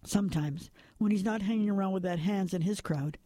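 A man's voice: high-pitched, fairly quick, mellow, no room sound, close to an everyday voice. A man voicing a young pregnant barmaid, tearful and defiant, reading an audiobook. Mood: tense, defiant.

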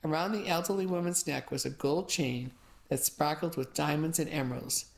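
A woman's voice: deep voice, normal speed, gravelly. A woman giving first-person audiobook narration with wry, dry asides.

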